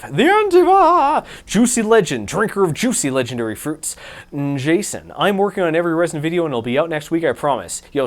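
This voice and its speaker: A man hosting a maker channel, talking with irreverent, deadpan humor and reading out a long list of supporter names. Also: a little high. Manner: irreverent, deadpan jokes, rapid name list. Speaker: YouTube maker host. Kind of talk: sarcastic tech talk and patron shout-outs.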